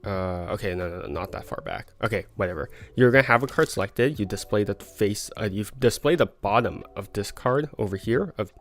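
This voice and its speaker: A man's voice: lowish voice, brisk, few pauses. A man teaching a card sleight on a livestream, stumbling and laughing at his own mistakes. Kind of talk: livestream tutorial. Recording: faint background music.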